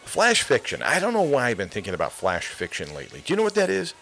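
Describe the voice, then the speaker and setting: A man's voice: mid-range voice, huge pitch swings, fast talker, vocal fry, a bit bright, soft background music. A man hosting a podcast, talking in a chatty, rambling, playful way. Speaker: podcast host. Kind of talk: casual monologue.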